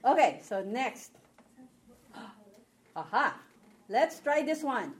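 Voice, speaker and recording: A woman's voice: a little high, very animated, extremely slow. A woman teaching a Hebrew reading class, patiently checking that her students follow along. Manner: patient, checks understanding with "okay?". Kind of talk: classroom lesson.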